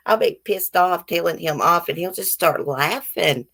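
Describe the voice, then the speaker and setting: With a creaky, slightly bright voice on the low side, a Southern-accented woman from the American South talks at a moderate pace with hardly any pauses. She's a YouTube live stream host, casually reading viewers' comments and chatting with them bluntly and frankly.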